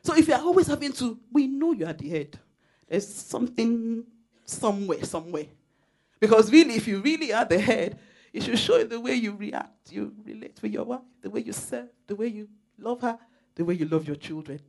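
Lively Nigerian woman preaching. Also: fairly high pitch, brisk, gravelly. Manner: lively, storytelling, laughs often, emphatic exhortation. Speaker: church speaker. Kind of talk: sermon. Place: church.

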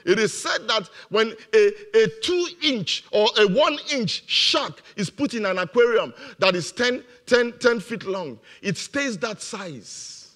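A man's voice: sits high, animated, measured pace, few pauses, fairly bright tone. A man preaching a motivational sermon, emphatic and repeating his key phrases, laughing now and then at his own jokes.

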